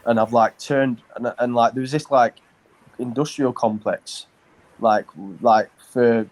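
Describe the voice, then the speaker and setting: Man, casual podcast chat, rambling story, heavy swearing, lots of fillers, mid-pitched voice. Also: steady tone, measured pace, darkish tone, low-quality recording. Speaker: podcast co-host.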